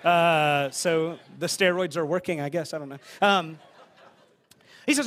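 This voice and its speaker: A young man delivers a sermon in a notably high voice. He talks the scripture through in a loose, conversational way. He often restarts and repeats words along the way. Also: a little slow, a bit bright. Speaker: pastor.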